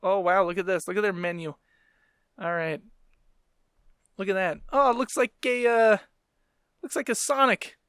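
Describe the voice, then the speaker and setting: A high-voiced male comedian hosts a casual talk show and rants with constant swearing. He is animated and quick to laugh at himself. The sound is dry and close, with no room echo. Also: clean tone. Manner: profane, animated, ranting, laughing asides. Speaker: podcast host and stand-up comedian.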